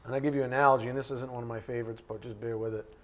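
A man's voice: mid-range voice, steady tone, very fast. A man teaching a Bible lesson in a conversational, joking way, rising to sudden emphasis. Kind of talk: sermon.

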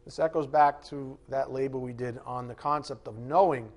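A man's voice: mid-range voice, fairly even intonation, moderate pace. A man preaching a sermon, reading scripture aloud and repeating key words for emphasis.

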